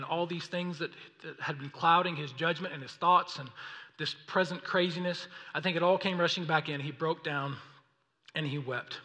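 A man preaching a sermon, reading scripture and acting out the people in the story in an animated way. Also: on the high side. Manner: animated, acts out voices of the story. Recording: long reverb of a hall.

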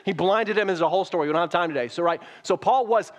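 A man's voice: high-pitched, quick pace. A man preaching a sermon as pastor, reading scripture and explaining it in a conversational way that rises to emphatic peaks.

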